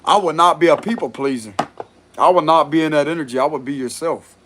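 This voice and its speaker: A man's voice: on the high side, fairly quick, a bit bright, a little hiss or hum. A man giving a casual tarot reading, talking bluntly with frequent cursing and laughter. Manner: blunt, profane, laughs often. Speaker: tarot reader.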